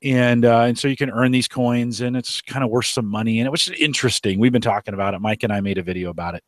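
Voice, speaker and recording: A man's voice: mid-range voice, fast talker, no echo. A man hosting a live tech show, talking casually and rambling with frequent restarts, sitting outdoors on a deck. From Omaha area, United States. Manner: rambling, restarts often, chatty. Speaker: podcast host.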